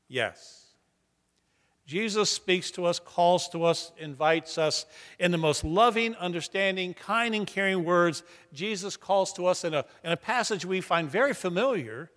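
A middle-aged man, a senior pastor, preaching a sermon in a church sanctuary and shifting between soft and emphatic delivery. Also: sits high, a little slow. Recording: long hall reverb.

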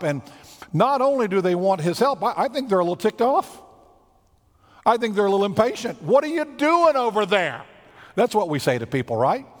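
A male pastor preaches in a loose, conversational storytelling manner, acting out the lines of the people in his story. His voice sits high for a man and swings widely in pitch. A long hall reverb trails after his words. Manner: conversational, animated storytelling with acted-out quotes. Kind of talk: sermon.

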